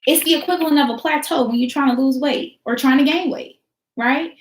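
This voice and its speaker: A woman's voice: high-pitched, fairly quick. A woman teacher hosting a motivational talk, speaking in an emphatic, preachy style with repeated phrases and casual slang. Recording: roomy echo.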